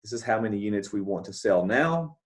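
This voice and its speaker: A man delivers a recorded economics lecture, talking over scribbled notes rather than at a board. He works through the material step by step and repeats key points with checking questions. His voice sits on the low side and is expressive, and he speaks fairly quickly.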